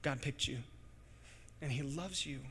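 A middle-aged man preaching a sermon as pastor, impassioned, swinging between hushed stretches and loud bursts. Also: on the high side, unhurried, slightly rough. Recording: long hall reverb.

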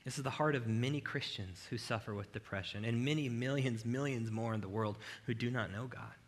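A man's voice: mid-range voice, brisk. A male pastor giving a conversational sermon in a church, with frequent rhetorical "right?" asides. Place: church with video cameras.

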